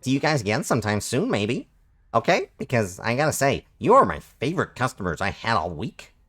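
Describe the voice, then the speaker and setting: A man's voice: medium pitch, sing-song, fairly quick, a bit bright, slightly rough. A man voicing a cheerful slug merchant in a game, with sentences that rise at the end like questions. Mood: chipper. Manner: upbeat, every sentence rising like a question. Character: chirpy male slug merchant, eager salesman.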